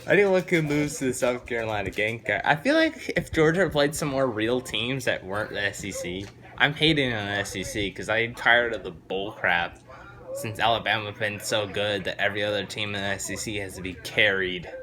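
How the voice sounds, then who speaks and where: Bright-voiced excitable young man. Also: fairly low pitch, normal speed. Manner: excitable, rambling, opinionated. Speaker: vlogger. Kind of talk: casual sports rant to camera.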